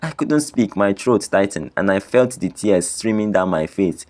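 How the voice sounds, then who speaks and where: Deep-voiced man narrating a sad story. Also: lively intonation, moderate pace, darkish tone. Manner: grave, sorrowful delivery. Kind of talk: scripted first-person story narration.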